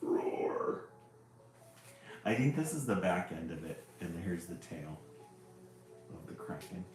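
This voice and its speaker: A man's voice: sits low, lively intonation, moderate pace, darkish tone. A man reading a children's picture book aloud, with chatty asides about the pictures. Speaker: storyteller. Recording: very echoey room, faint music.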